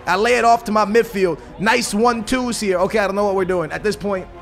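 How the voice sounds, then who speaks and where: A young man giving slangy, excitable commentary over a football video game, swinging between hype and grumbling. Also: high voice, quick pace, creaky, faint music behind. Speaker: gaming YouTuber. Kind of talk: gameplay commentary.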